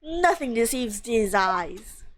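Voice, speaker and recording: A woman voicing a pompous, eccentric male gentleman detective in a put-on English accent, reading game dialogue on a live stream with game music behind. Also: a little high, expressive, a little hiss or hum, pitched below the performer's own voice. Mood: grandiose. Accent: attempted English. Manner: grandiose, theatrical, deliberate.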